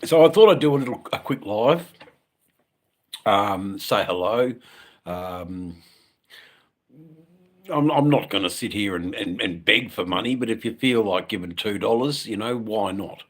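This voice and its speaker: A man's voice: fairly low pitch, animated, unhurried, long pauses. An Australian man from Western Australia, chatting casually at home on a live stream for his motorcycle channel, rambling with lots of ums and the odd swear word.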